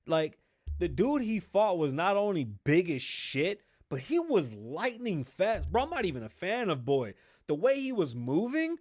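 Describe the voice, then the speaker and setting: A man hosting a podcast alone, ranting casually and profanely in animated commentary. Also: a little high. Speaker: podcast host.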